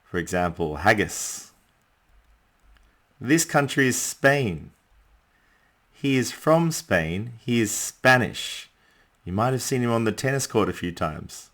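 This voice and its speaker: A man teaching a beginner English lesson, speaking deliberately and adding small friendly asides. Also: fairly low pitch, animated, fairly bright tone. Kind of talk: beginner language lesson narration.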